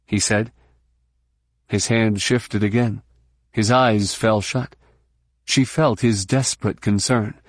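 Guy reading a book out loud, low voice, slow and steady, dry close mic. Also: no room sound. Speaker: audiobook narrator. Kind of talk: scripted narration.

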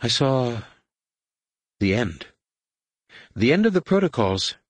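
A man's voice: mid-range voice, big pitch swings, slow, no room sound, voice pushed up. A man reading an audiobook and voicing a humble, frightened female alien scientist, deferential and pleading. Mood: fearful pleading.

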